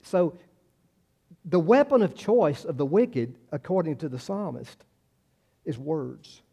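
A man's voice: fairly high pitch, lively intonation, takes it slowly, gravelly, dark tone, slightly rough. A man preaching a sermon in a conversational way, often trailing off and restarting, then rising for emphasis. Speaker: pastor.

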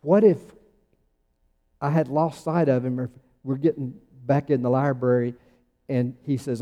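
A man's voice: mid-range voice, fairly even intonation, moderate pace, pauses often, dark tone. Emphatic preacher man in a reverberant church. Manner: emphatic, conversational preaching with rising bursts. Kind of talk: sermon.

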